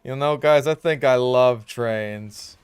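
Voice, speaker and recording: A young man giving casual, chatty commentary over his own gameplay, now and then bursting out in loud reactions. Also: mid-range voice, takes it slowly, slight background noise. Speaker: gaming YouTuber.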